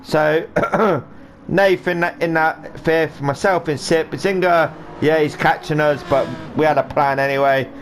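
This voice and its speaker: Unhurried, with a slightly high, steady voice, a man drives a sim race while offering rambling, jokey live commentary. He puts on silly voices for the drivers as game sound hums faintly behind him.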